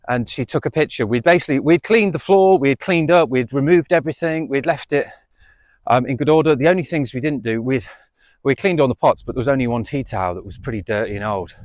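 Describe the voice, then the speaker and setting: A man's voice: mid-range voice, no room sound, clean studio sound. A man telling a story casually to camera, rambling and repeating himself with many fillers, outdoors in the wind on a small mic. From United Kingdom. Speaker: vlogger. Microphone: small camera mic without windscreen.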